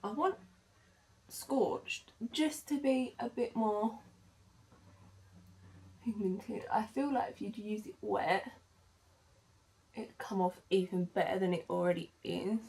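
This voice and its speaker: Woman, makeup vlogger, casual chatty tutorial, fillers and self-corrections, mid pitch. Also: slow pace, pauses often, a little mellow. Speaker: beauty vlogger.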